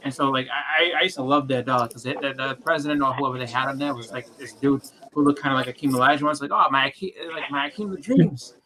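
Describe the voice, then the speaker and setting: A man's voice: mid-range voice, steady tone, fast, hardly any pauses, bright, forceful tone. A man chatting casually in a podcast, rambling with many restarts and acting out little scenes. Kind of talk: casual chat.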